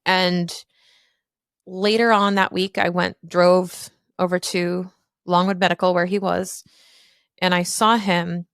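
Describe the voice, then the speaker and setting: A woman's voice: fairly low pitch, flat delivery, slow pace, fairly bright tone, clean tone, no echo, clean studio sound. A woman in her thirties hosting a podcast, telling a personal story candidly and emphatically, with casual swearing. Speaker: podcast host.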